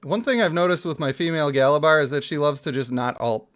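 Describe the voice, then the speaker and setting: A man's voice: a little high, fast talker, fairly bright tone. A young man casually commenting on a mobile game and reading its story aloud, jokey and laughing often.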